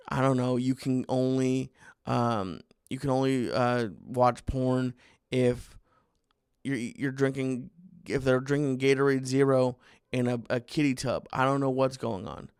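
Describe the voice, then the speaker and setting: A man's voice: medium pitch, steady tone, unhurried, creaky, darkish tone, smooth, dry recording, clean studio sound. A man hosting a comedy podcast, rambling through a monologue with restarts and mock exasperation. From United States. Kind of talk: comic monologue.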